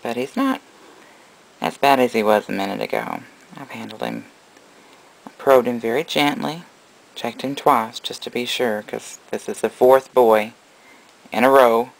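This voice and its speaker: His voice gravelly and creaky at an ordinary middle pitch, a man narrates his casual reptile-breeding vlog a little slowly, pausing often. He alternates between cooing baby talk to his animals and straightforward explanations for the audience. The recording quality is rough.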